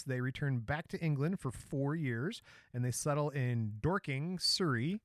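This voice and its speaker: A man's voice: fairly high pitch, normal speed, no room sound, clean studio sound. A man from Michigan co-hosting a podcast, telling a story in a casual, joking way. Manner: joking, storytelling, laughs often. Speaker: podcast co-host.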